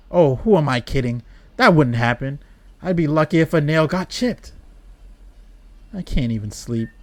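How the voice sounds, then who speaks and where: A man's voice: fairly high pitch, no echo, natural voice. A man reading a brooding, despairing trapped young woman. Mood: menacing. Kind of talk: reading game dialogue aloud.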